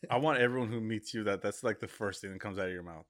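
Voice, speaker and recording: A man's voice: on the low side, fast talker, fairly bright tone. A man co-hosting a casual chat, with dry teasing banter. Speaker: podcast co-host.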